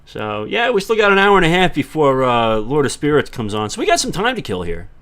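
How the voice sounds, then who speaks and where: A man's voice: a little high, huge pitch swings, a little fast, a bit bright, smooth. A middle-aged man from New York with a New York accent, rambling casually on a livestream and talking to chat viewers by name. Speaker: livestream host.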